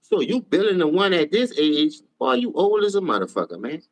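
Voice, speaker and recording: Profane, animated New man ranting. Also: fairly quick, rough recording. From New Orleans. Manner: profane, animated, trash-talking, swings from low mutters to high shouts. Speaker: sports talk show host. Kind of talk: heated casual live-stream rant.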